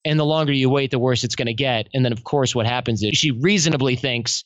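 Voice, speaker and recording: A man speaking as a podcast guest, telling stories in an animated way and acting out quoted lines in other voices. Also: mid-range voice, fast, hardly any pauses, dry recording, lo-fi sound. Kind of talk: conversational interview.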